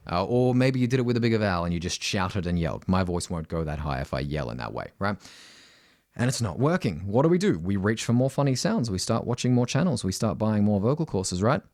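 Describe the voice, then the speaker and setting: A middle-aged Australian man teaching singing, talking directly and often asking "right?", breaking into loud high sung demonstrations. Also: sing-song, brisk, no room sound, studio quality.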